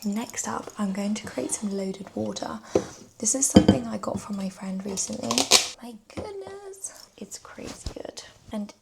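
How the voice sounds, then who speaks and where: Upbeat woman vlogger, mid-pitched, deep vocal fry, casual and chatty. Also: animated, a little slow, very noisy. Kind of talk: casual vlog chat. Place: her bedroom.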